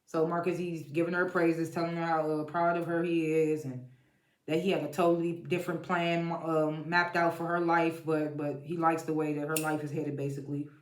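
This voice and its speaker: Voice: medium pitch, level tone, moderate pace. A TV show reviewer giving a casual episode recap, blunt and profane, laughing often while retelling scenes. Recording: echoey room.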